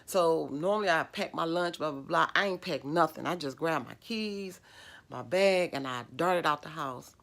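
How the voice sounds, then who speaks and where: A woman's voice: low voice, moderate pace, creaky, a bit bright. A middle-aged woman, telling a personal story in a vlog, emotional and rambling with many fillers. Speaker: vlogger.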